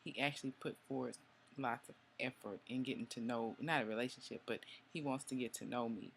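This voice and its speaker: Woman, about forty, vlogging; gravelly, chatty, confiding, lots of ums. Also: a bass voice, steady tone, fairly quick, a little hiss or hum. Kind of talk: casual personal storytelling.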